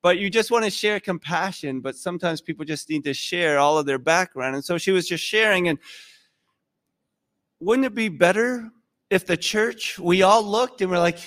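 A male pastor giving a sermon in a conversational, animated storytelling way. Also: high-pitched, moderate pace.

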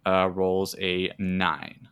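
A man's voice: low-pitched, level tone, drawn-out words, noisy background. A man narrating a tabletop game as game master, hesitant and playful, with many fillers.

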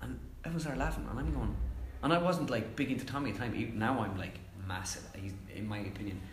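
A young Irish man chatting casually as a comedian guest, telling stories fast and acting out quotes. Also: mid-range voice, reverberant, a little hiss or hum. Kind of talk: casual chat.

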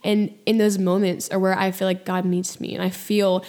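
A woman hosts her own podcast in a reflective solo monologue about faith. She speaks earnestly and gently, with a mid-range pitch for a woman and frequent "like" and "you know" fillers. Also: little pitch movement, moderate pace. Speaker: podcast host.

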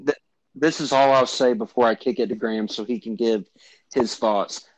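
A man co-hosting a sports podcast, making his points in a measured, hedging way with many fillers. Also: mid-range voice, steady tone, dry recording, rough recording. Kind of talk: sports debate.

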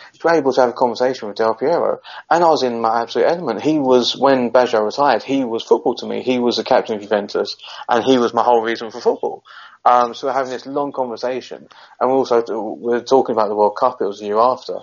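A man's voice: medium pitch, dull audio. A man co-hosting a podcast, telling a long rambling football anecdote in casual chat. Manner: rambling storyteller, many restarts. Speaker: podcast co-host.

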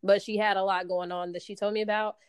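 An actress telling a personal story in casual chat, animated and full of restarts, acting out the voices she quotes. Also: mid-range voice, quick pace, clean tone, no room sound. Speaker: actress guest.

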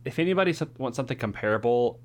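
A young man co-hosting a casual movie review chat, relaxed and agreeable, often saying "yeah.". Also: mid-range voice, rapid-fire.

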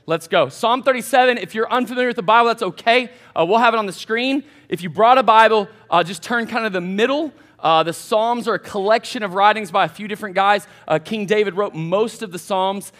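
High-voiced pastor preaching casually. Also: male voice, brisk, few pauses. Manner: energetic and conversational, full of fillers like "like" and "man". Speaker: college pastor. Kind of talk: casual sermon to students.

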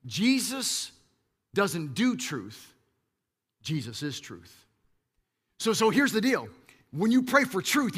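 A man preaching a sermon in a high, bright voice. He is middle-aged and lively, doubling up words as his energy rises. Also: a little slow, husky. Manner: lively, repeats words when fired up, mock-quotes the congregation. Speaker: pastor.

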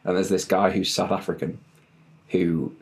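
A man's voice: low-pitched, level tone, moderate pace. A man, a fitness coach and podcast co-host, chatting in a laid-back way on a video call and laughing easily. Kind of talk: casual podcast chat. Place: home setup on a video call.

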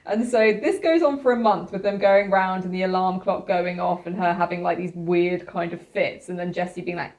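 A woman's voice: lowish voice, moderate pace, hardly any pauses, darkish tone. A woman casually retelling a novel's plot to listeners, rambling with fillers and frequent laughs. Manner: rambling, giggly storytelling with lots of fillers. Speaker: podcast host. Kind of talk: casual book discussion.

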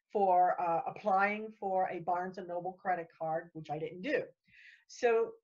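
A woman's voice: medium pitch, highs cut off. A woman guest telling her story in casual chat, rambling and repeating words. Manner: rambling, repeats words, talks fast when worked up.

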